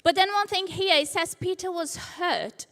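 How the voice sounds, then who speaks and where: A woman's voice: very high-pitched, moderate pace, a bit bright, long reverb tail. A woman preaching a sermon in a church, retelling a scripture story with acted-out quotes. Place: church hall.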